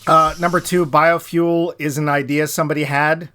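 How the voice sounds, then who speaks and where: A man in his fifties with a slightly high voice, hosting a casual podcast chat. He talks in a chatty, joking way. He laughs often as he goes. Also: little pitch movement, moderate pace, sharp tone. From United States. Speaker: podcast host.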